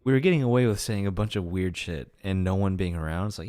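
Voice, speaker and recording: A man's voice: deep voice, fast, hardly any pauses, a little mellow. A man co-hosting a podcast, telling stories in casual chat and laughing often. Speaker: podcast co-host.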